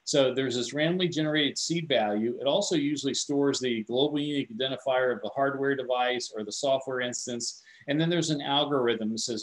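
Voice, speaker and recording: A male security presenter giving an informal tech webinar lecture. His pitch sits mid-range. He talks loosely and conversationally, restarting phrases as he goes. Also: fairly quick, hardly any pauses, low-quality recording. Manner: conversational, repeats and restarts words, animated storytelling.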